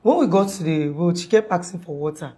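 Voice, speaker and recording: A woman's voice: lowish voice, brisk, warm tone. A young woman recounting an emergency in a rambling, casual way with many restarts and "like"s. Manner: rambling, restarts often, uses "like" a lot. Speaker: guest telling her story. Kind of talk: casual storytelling in interview.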